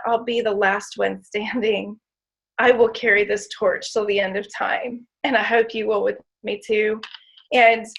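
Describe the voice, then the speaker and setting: Woman, slightly high voice, emotional inspirational testimony, emphatic. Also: a bit bright, low-quality recording. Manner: emotional, emphatic, addresses audience as "you guys". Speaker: motivational speaker.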